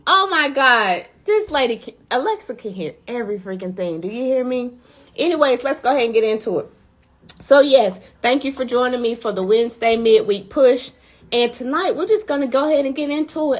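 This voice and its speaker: A woman coach giving a chatty, energetic motivational live talk, hyping up her listeners. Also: on the high side, moderate pace. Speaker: mindset coach.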